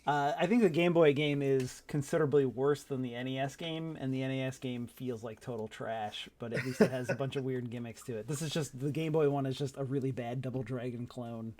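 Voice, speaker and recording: A man's voice: medium pitch, a little fast, hardly any pauses, darkish tone. A man co-hosting a casual movie podcast, wry and blunt, given to grumbling. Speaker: podcast co-host. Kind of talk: casual group chat about movies.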